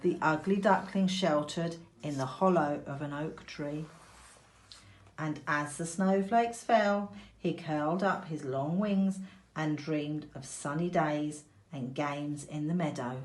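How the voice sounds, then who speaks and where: A woman teacher reading a picture book aloud to young children, slow, clear and expressive. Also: deep voice.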